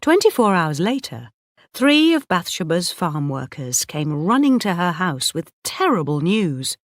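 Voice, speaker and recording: A woman narrating an audiobook for English learners, reading slowly, clearly and expressively. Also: fairly low pitch, big pitch swings, no room sound, studio quality.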